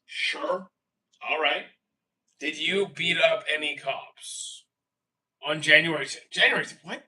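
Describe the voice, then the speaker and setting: Bright-voiced man answering chat, off-mic. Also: a little high, a little slow, recorded from a distance. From Canada. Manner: rambling, self-correcting, exasperated asides. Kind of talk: casual live chat.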